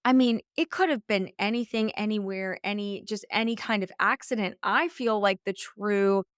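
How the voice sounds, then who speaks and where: A woman hosts a podcast in a chatty, gushing way, filling her sentences with "like". Her voice sits at an ordinary pitch for a woman. The recording is dry and close, with no room sound. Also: normal speed, clear, resonant tone, no echo. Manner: chatty, gushing, many "like" fillers. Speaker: podcast host. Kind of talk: conversational interview.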